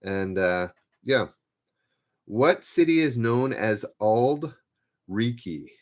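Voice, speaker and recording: A man hosting a live-stream trivia game, relaxed and self-deprecating, repeating each question as he reads out viewers' guesses. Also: medium pitch, slow pace. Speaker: trivia host.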